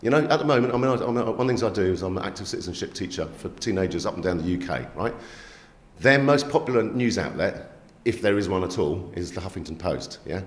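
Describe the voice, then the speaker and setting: Emphatic man, low voice, echoey room. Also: expressive, fast talker. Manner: emphatic, streetwise, asks "yeah? right?". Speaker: magazine contributing editor. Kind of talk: animated interview storytelling.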